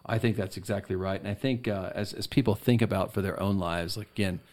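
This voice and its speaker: A man's voice: low-pitched, steady tone, fast talker, a little mellow. A man who co-hosts a faith podcast and teaches at a seminary, speaking in an affirming, teacherly way. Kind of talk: casual chat.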